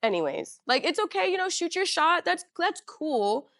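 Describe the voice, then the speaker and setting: A woman's voice: very high voice, very animated, normal speed, fairly bright tone, no echo, studio quality. A young woman from Northern California hosting a podcast, telling a casual storytime in a chatty, slangy way full of "you know" and "you feel me.". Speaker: podcast host.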